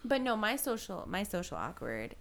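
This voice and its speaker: A woman in her thirties chats casually as a co-host, rambling through stories in a self-deprecating way and laughing often. Her voice sits in a middle pitch, and a faint noise is heard behind her. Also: very animated, moderate pace, vocal fry, fairly bright tone. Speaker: podcast co-host. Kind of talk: casual chat.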